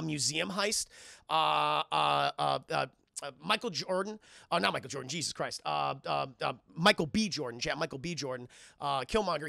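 A young man streaming a rambling, profane film recap to his chat, full of fillers and sudden loud voiced impressions. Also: creaky, no room sound, studio quality. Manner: jumps into loud high-pitched impressions of characters. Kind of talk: animated recap with voiced quotes.

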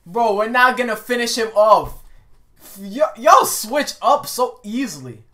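A woman hosting a casual anime reaction video, excitable and slangy, talking back at the screen with frequent exclamations and laughter. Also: on the high side, a little slow. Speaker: reaction channel host.

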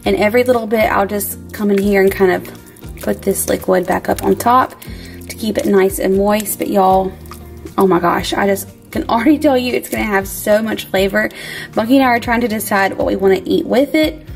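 Chatty woman with vocal fry. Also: mid-range voice, moderate pace, faint music behind. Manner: chatty, upbeat, says "y'all". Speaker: vlog host. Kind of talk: casual cooking vlog chat. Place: home kitchen.

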